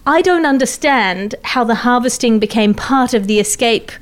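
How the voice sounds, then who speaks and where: A woman's voice: fairly high pitch, normal speed, heavy background noise. A woman telling jokes in a comedy news chat, with dry, ironic asides. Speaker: comedian guest.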